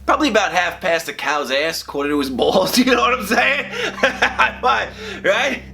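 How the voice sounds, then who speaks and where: A man's voice: sits high, lively intonation, moderate pace, gravelly, bright, forceful tone, a little hiss or hum, heavily acted. An actor playing a rambling, crude construction foreman, stammering through a mock true-crime interview. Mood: excited.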